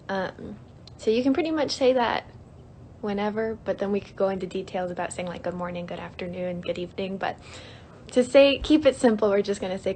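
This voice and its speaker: Reading viewer comments out loud between a few simple phrases, this young livestream host chats and giggles, peppering her talk with fillers. Her voice is medium in pitch and a little mellow, over a faint hiss or hum.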